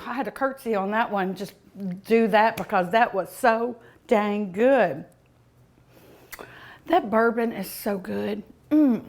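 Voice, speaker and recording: A woman's voice: mid-range voice, darkish tone. A woman hosting a cooking show, tasting food in casual commentary, savoring each bite with delighted hums and exclamations.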